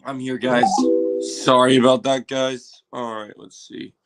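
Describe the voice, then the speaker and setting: A man hosting a casual livestream, chatting to viewers, repeating himself and bursting into loud exclamations and swearing. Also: mid-range voice, unhurried, over loud music. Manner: excitable, exclaims and swears loudly. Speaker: livestream host reacting to a trailer.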